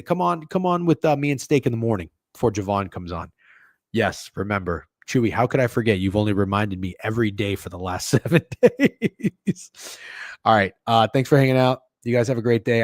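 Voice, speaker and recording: A man's voice: mid-range voice, no echo. Loose, profane male stream host, dry sound. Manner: loose and profane, joking with chat. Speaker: sports betting stream host. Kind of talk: casual livestream chat.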